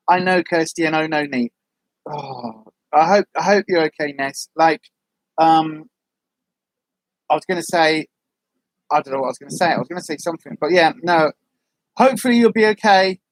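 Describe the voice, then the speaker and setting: A woman's voice: on the low side, no room sound. Rambling, chatty woman vlogger. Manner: rambling, friendly, frequent ums and asides. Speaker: vlogger, livestream host. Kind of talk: casual chat reading viewer comments.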